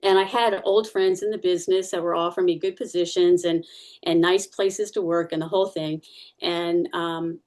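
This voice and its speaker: A woman's voice: lowish voice, a little mellow. A woman giving a personal testimony in church, telling her story casually, with many fillers and restarts.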